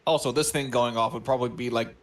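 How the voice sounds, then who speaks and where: A man's voice: medium pitch, fairly even intonation, fast. A man co-hosting a movie watch-along, rambling and joking as he searches for words. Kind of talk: casual chat.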